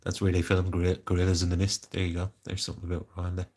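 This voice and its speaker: A man's voice: low voice, completely flat delivery, racing, a little mellow. An Irish man chatting casually on a live stream, rambling and greeting viewers by name. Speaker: livestreamer.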